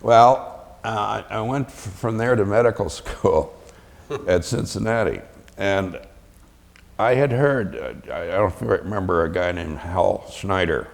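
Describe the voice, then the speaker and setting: A man's voice: lowish voice, a little slow, creaky, in a large hall. An older man, a veteran, telling chuckling anecdotes in an oral history interview and acting out the voices he quotes.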